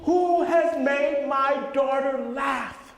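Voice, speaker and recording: Slow earnest rich dad in a folk tale, storyteller guy doing him, roomy echo. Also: very high voice, voice pushed up, full character voice. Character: wealthy old father, earnest and grateful. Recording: echoey hall, faint noise.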